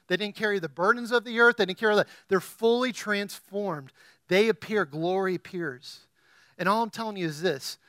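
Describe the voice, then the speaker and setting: Male pastor, high and bright voice, animated preaching that swells to loud emphasis, dry close sound. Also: no room sound. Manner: animated preaching, rising to loud emphatic peaks, asks the congregation questions. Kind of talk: sermon.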